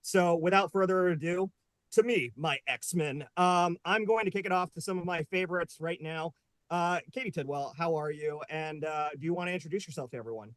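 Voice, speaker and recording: A man's voice: fairly high pitch, brisk, fairly bright tone, clear, resonant tone, no echo. A man hosting a live online panel show, upbeat and joking, with many fillers. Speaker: host. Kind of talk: casual live panel chat.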